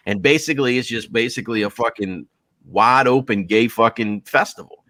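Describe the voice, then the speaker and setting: A man's voice: medium pitch, normal speed, sharp tone, no room sound. A man telling rambling, profane stories with lots of laughter in a casual podcast chat. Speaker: guest.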